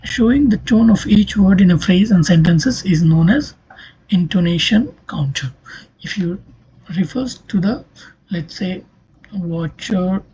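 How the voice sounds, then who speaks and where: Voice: mid-range voice, warm tone, breathy edge, highs cut off. A linguistics lecturer giving a recorded exam-prep lesson, explaining step by step and checking in with "okay" and "right".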